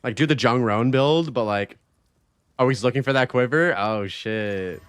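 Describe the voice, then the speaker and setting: A man hosts a live game stream in easy, rambling chat, reacting to his chat and swearing loosely. His voice sits at an ordinary middle pitch and comes through close and dry, with no room sound around it. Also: a little slow, smooth, no echo. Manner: loose and excitable, swears, reads chat aloud. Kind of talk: casual live-stream chat while gaming.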